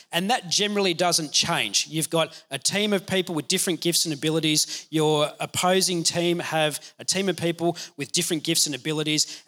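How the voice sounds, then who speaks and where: A man pastor giving a conversational, energetic sermon, laughing now and then. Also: fairly high pitch.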